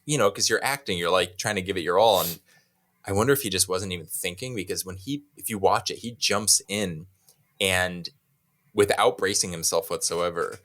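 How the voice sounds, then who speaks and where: Male co-host, low voice, easygoing and rambling. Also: normal speed, a bit bright. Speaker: podcast co-host. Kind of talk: casual chat.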